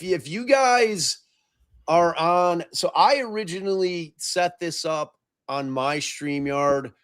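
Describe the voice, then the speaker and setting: A middle-aged man hosts a laid-back live podcast stream, poking fun at his own fumbling with technology and cursing freely. His voice is a bit high and fairly bright, recorded close and dry.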